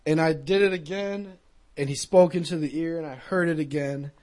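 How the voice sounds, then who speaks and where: A man's voice: a little high, moderate pace, darkish tone. A man giving an earnest personal testimony in a conversational storytelling way, speaking to a young audience.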